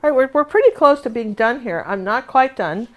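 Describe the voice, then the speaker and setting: A woman's voice: fairly high pitch, animated, fairly quick, phone-quality sound, slight background noise. Chatty woman painting instructor, talks through her demo with rambling asides.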